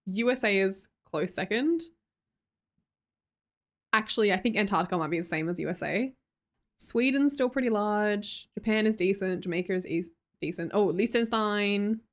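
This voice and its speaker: A woman's voice: mid-range voice, normal speed. An Australian woman, a young adult, hosting a casual livestream chat, reading chat aloud and laughing often. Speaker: livestream host.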